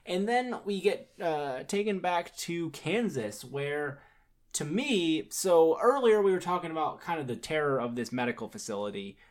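A man's voice: on the high side, expressive, normal speed. A man co-hosting a podcast, casually recapping a film's plot with lots of fillers. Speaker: podcast co-host. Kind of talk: casual film discussion.

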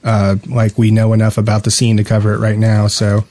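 A man's voice: on the low side, monotone, a little fast, mellow. Chatty man laughing on a podcast. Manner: chatty, laughs often, many fillers. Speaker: podcast co-host. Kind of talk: casual gaming podcast chat.

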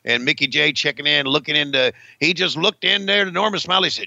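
A man's voice: a little high, quick pace, vocal fry, hardly any pauses, pushed and bright, no echo, lo-fi sound. A man calling play-by-play over an old wrestling match, crude and rambling, joking with his co-host and cursing often.

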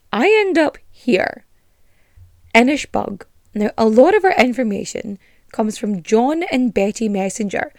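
A woman's voice: a little high, a little mellow, dry recording, studio quality. A young woman from Ireland, hosting a casual storytelling podcast in a sweary, sarcastic, ranting way. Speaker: podcast host.

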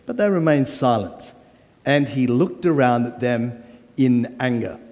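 A man in his forties, guest-preaching live, keeps the congregation engaged with playful jokes and gentle coaxing. His medium-pitched voice is expressive, unhurried and a bit mellow, echoing with long hall reverb in the church auditorium.

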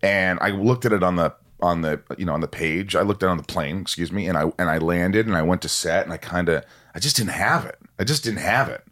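A man's voice: low voice, fast, few pauses, a bit bright. A man hosting a casual podcast interview, joking and teasing his guest. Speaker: podcast host.

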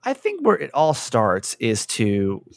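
A man co-hosts a radio talk show in casual chat. His voice is gravelly and swings widely in pitch, and he acts out the people he quotes. The studio sound is dry. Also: wildly swooping pitch, slow pace, dry recording.

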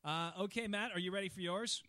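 A man with a fairly high voice runs a teasing quiz for his friends on a casual podcast. His voice is close and dry, with no room sound around it. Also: fast talker, pushed and bright, dry recording. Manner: playful, teasing quizmaster. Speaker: podcast host running a quiz. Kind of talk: casual chat among friends.

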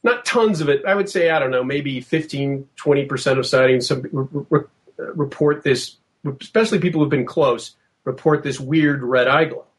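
A middle-aged man recounting an eerie encounter for a podcast, vivid and animated. He acts out the voices of the people in his story. His voice sits at an ordinary middle pitch. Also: moderate pace. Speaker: podcast guest.

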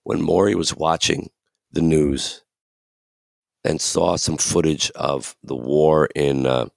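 A podcast host with a deep, gravelly voice speaks slowly and steadily on reflective topics, talking earnestly with emphasis and acting out the voices of those he quotes. The sound is close and dry, with no echo.

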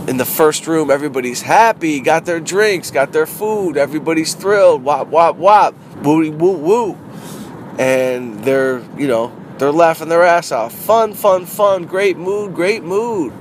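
Rambling middle-aged comedian talking in a car. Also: male voice, a little high, measured pace, few pauses. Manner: rambling, animated, repeats phrases. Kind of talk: casual car vlog monologue. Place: inside a parked car. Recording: noisy street ambience.

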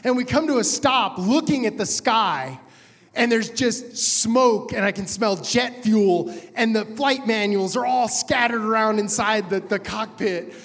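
Excitable male storyteller on a reverberant stage. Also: sits high, measured pace. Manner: excitable, animated, with frequent chuckles. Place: theater stage. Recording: long reverb of a live stage.

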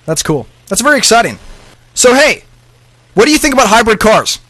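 A man's voice: very high-pitched, very animated, bright, forceful tone, no room sound, rough recording. A young man co-hosting a casual talk show, firing eager questions and jokes at his guests. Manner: eager, quick questions, jokey. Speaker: co-host. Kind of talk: casual chat.

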